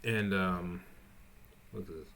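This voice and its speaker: A man casually recapping episodes of a show, rambling and halting, with frequent restarts. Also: deep voice, creaky, fairly bright tone. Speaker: TV show reviewer.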